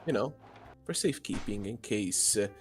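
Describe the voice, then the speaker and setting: A man's voice: on the low side, animated, normal speed, faint music behind. A man on a podcast, talking casually in a hesitant, rambling way. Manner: hesitant, rambling, many fillers.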